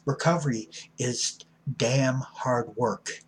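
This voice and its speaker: A man's voice: mid-range voice, steady tone, takes it slowly, slight background noise. A middle-aged man giving a blunt, folksy recovery talk as an addiction counselor, preachy and punching certain words hard. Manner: blunt, folksy, preachy with sudden loud emphasis.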